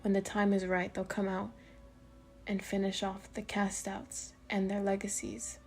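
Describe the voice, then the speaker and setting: A woman's voice: mid-range voice, monotone, measured pace, soft background music, close to an everyday voice. A woman voicing a blunt, foul-mouthed teenage girl in a storybook reading. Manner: blunt, cursing.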